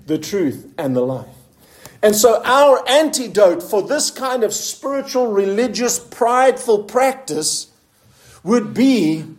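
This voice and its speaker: A male preacher delivering a sermon, asking the listeners questions and reading scripture slowly and earnestly. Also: sits high, a little mellow.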